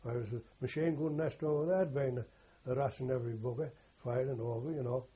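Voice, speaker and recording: An older man who served in the war gives a long, rough-edged oral history, frequently breaking off to amend what he said. His dark, very husky voice holds a steady tone at mid-range and a fairly quick pace, on a dull, lo-fi recording.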